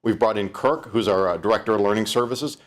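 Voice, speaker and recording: At a quick pace, a fairly low-voiced man from Canada delivers a live-streamed keynote in a relaxed, conversational way. Fillers such as "um" and "uh" and many restarted phrases run through his talk.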